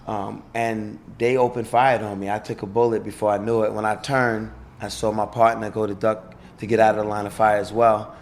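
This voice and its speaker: A middle-aged man with a New York accent, a former police officer, telling a story in halting conversation full of fillers and restarts. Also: fairly low pitch, level tone, a little hiss or hum.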